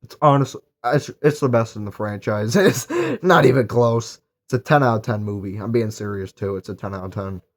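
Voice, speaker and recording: A man's voice: lowish voice, a little fast. A young man recapping and reviewing a horror movie in a casual, rambling way, with lots of fillers and eager praise. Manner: rambling, filler-heavy, enthusiastic.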